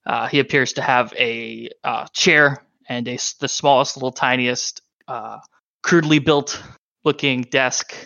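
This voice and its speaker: A man narrating a tabletop game as dungeon master, halting and full of fillers. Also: mid-range voice, steady tone, gravelly, pushed and bright, no room sound, lo-fi sound.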